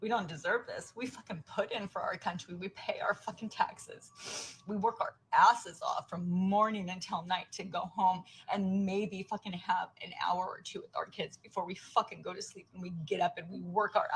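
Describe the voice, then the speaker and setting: A woman's voice: medium pitch, slight background noise, poor audio. An American woman, a working mother, venting tearfully to camera in a raw, profane rant that drops into whispers.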